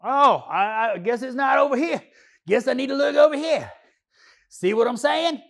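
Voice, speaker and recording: A man's voice: very high voice, creaky, full character voice. A man playing a lazy male car mechanic who proudly dodges work, talking in a rambling, slangy, joking way with loose grammar. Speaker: auto mechanic. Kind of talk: comedy character monologue.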